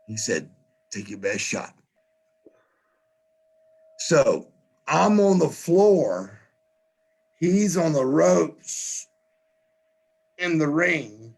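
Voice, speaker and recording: Gravelly man telling a profane story. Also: medium pitch, animated, slow pace, pauses often. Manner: profane, repeats words, acts out quoted lines. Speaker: podcast guest, former wrestler. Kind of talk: casual storytelling.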